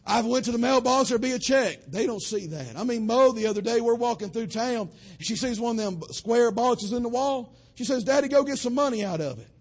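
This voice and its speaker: A young man from western North Carolina, preaching a sermon as a pastor, swelling to shouts and dropping low. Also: lively intonation, a little fast, few pauses. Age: young adult.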